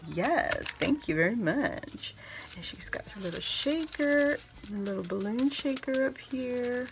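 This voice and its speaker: A woman crafting host opening birthday mail and gushing excitedly over each card and gift. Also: fairly high pitch, unhurried, a little hiss or hum. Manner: gushing, excitable, reads cards aloud. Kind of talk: casual unboxing chat.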